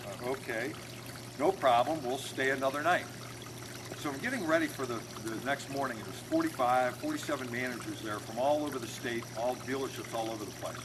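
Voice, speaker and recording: A man's voice: mid-range voice, fairly quick, background noise. A man working as an automotive recruiter and trainer, casually telling an anecdote and acting out the people in it. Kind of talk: storytelling talk to camera.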